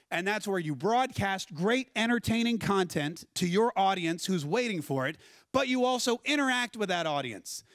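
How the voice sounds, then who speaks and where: High-voiced animated male keynote speaker. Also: no echo. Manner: animated, conversational storytelling with audience questions. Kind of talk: conference keynote talk. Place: conference stage.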